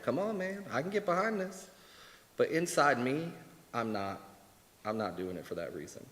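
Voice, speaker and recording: A man's voice: medium pitch, moderate pace. Man teaching in an echoey church hall. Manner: candid and animated, acting out quoted voices. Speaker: Bible class teacher.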